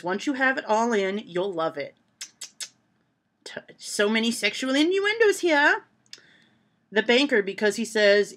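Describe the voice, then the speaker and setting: A woman vlogging from home, reading joke lists aloud to her camera and laughing at the punchlines. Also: a little high. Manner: reads jokes aloud and reacts with loud laughter. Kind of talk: casual joke-reading vlog.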